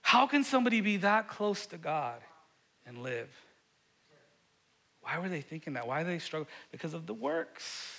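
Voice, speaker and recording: Bright-voiced man preaching, loud then hushed. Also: sits high, big pitch swings, moderate pace, vocal fry, long pauses. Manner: earnest, repeats words when stirred, swings from loud to hushed. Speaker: pastor. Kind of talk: sermon.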